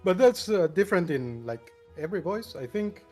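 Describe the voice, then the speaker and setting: A man's voice: sits high, sing-song, normal speed, darkish tone, faint music behind. A man in a casual group discussion, explaining his view carefully with frequent restarts. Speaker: podcast guest.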